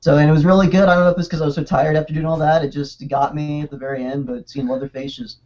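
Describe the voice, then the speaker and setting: A man casually chatting on a podcast, excitable and rambling, with quick restarts. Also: a little high. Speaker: podcast co-host. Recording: dull lo-fi podcast audio.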